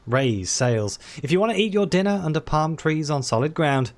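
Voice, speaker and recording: A man's voice: a little high, lively intonation, moderate pace, pitched above the performer's own voice, close to an everyday voice. A man voicing a young man in a fantasy game playing at being a pirate captain, calling orders brashly. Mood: swaggering.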